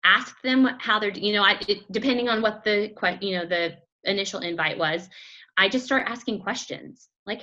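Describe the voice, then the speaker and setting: A woman giving energetic, chatty motivational coaching talk to a group, often acting out quotes. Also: medium pitch, normal speed, muffled recording. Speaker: fitness business coach.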